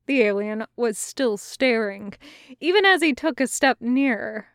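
A woman narrating a fan fiction audiobook in an unhurried, even reading style. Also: fairly high pitch, dry recording, studio quality. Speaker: podfic reader.

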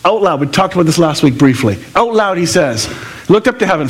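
Pastor guy preaching casual and animated, voice jumping all over. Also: high voice, a little fast, husky. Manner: animated, conversational preaching with asides and laughs. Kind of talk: sermon.

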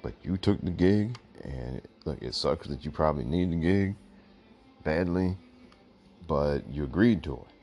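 Blunt, very deep gravelly man. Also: measured pace, a little mellow, faint music behind. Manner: blunt, emphatic, repeats "look". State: hiccups. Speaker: podcast host. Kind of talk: opinionated solo commentary.

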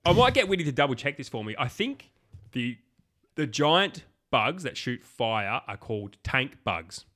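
A man's voice: mid-range voice, sing-song, moderate pace, a bit bright. A man co-hosting a podcast, chatting casually and animatedly about a film, acting out lines and swearing freely. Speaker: podcast co-host. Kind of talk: casual film review chat.

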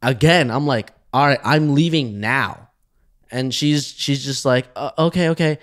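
A man co-hosting a podcast, telling a story in casual chat with many restarts, often trailing off quietly. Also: mid-range voice, measured pace. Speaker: podcast co-host.

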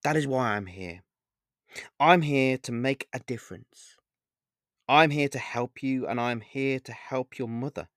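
A man reading the lines of a mysterious, godlike man in black who is compassionate and rebellious, in a soft-spoken, earnest way. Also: medium pitch, expressive, unhurried, dry recording, clean studio sound, lightly acted.

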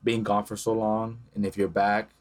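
A man's voice: fairly low pitch, normal speed. A young man co-hosting a podcast, telling casual, profane stories and acting out the voices of the people in them. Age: young adult. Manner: profane, animated storytelling with acted-out quotes. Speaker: podcast co-host. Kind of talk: casual chat.

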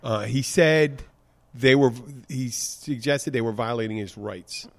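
A man's voice: medium pitch, a little slow, creaky. A man co-hosting a podcast, telling rambling stories and laughing at his own jokes in casual chat. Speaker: podcast co-host.

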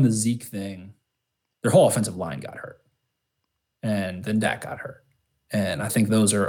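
A man with a fairly low, slightly mellow voice co-hosts a sports podcast. He talks casually and rambles, with lots of fillers and restarts.

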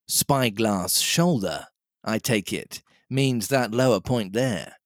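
A man voicing a scheming older male pirate captain in a read-aloud storybook, speaking slowly. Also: fairly low pitch, lively intonation, no echo, clean studio sound.

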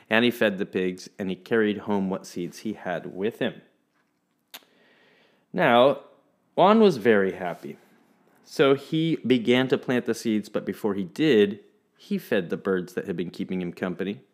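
A man telling a folk tale in an expressive, playful storytelling manner. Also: fairly low pitch.

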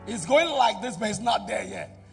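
A middle-aged man preaching a sermon in a church, calling out to the congregation and swinging between loud exhortation and quiet asides. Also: high-pitched, moderate pace, gravelly, recorded from a distance, faint music behind. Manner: preaching with call-and-response to the congregation. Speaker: pastor.

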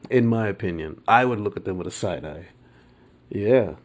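A man's voice: fairly low pitch, lively intonation. A man hosting a podcast, giving his opinions in a casual, meandering monologue full of fillers and laid-back slang. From United States. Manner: slow and meandering, many fillers and restarts; laid-back, colloquial speech. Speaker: podcast host.

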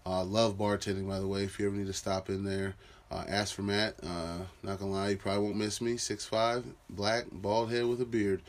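A man's voice: on the low side, flat delivery, brisk. A man, telling a personal story about his family in a rambling, casual way full of fillers and restarts.

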